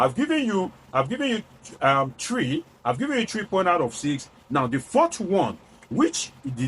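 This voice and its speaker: A man's voice: on the high side, a bit bright, slight background noise. A man with a Nigerian accent delivering political analysis to viewers, explaining point by point and repeating key figures for emphasis. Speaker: political commentator.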